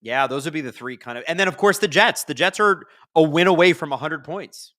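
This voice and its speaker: A man hosting a live hockey watch-along, chatting casually and answering viewer questions, bursting into excited shouts at big plays. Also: fairly high pitch, a little fast, dry recording, studio quality. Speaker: hockey livestream host.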